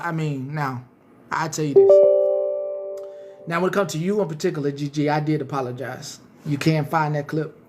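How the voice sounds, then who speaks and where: A man hosting a live stream, ranting casually and cursing heavily as he taunts his viewers directly and rambles through many restarts. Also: fairly high pitch.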